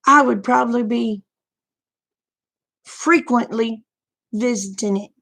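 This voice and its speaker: Middle-aged woman vlogger, gravelly voice and a touch high, frank folksy chatter. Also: slow pace, a bit bright. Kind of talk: casual livestream chat.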